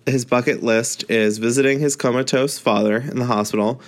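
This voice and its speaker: A man's voice: medium pitch, steady tone, fairly quick. A man talking casually about a book he is reading, rambling with lots of fillers and short laughs. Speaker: book reviewer.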